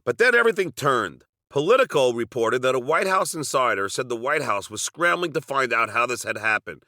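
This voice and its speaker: A man's voice: mid-range voice, sing-song, brisk, pushed and bright, no echo, studio quality. A middle-aged man with a Long Island accent narrating a personal story from a script, with wry, sardonic asides.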